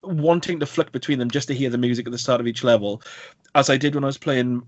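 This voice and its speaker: A man co-hosting a podcast, chatting casually about games in a rambling, animated way full of fillers and restarts. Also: medium pitch, quick pace, no echo, lo-fi sound. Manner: rambling, many fillers and self-corrections, animated. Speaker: podcast co-host.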